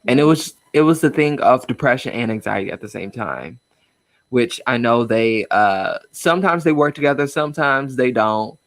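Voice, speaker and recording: A man's voice: medium pitch, expressive, normal speed, no echo. A young man speaking as a guest, telling a personal story openly and with feeling, with lots of fillers and nervous laughs. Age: young adult. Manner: open and emotional, with frequent fillers and nervous laughs. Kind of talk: candid personal conversation. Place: inside a car.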